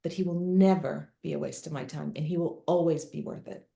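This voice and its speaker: Her voice low, gravelly and warm, with a steady tone and a slightly fast pace, a middle-aged woman recounts a personal story as a podcast guest. An author and speaker, she talks candidly and emotionally in the interview, voicing both herself and her son.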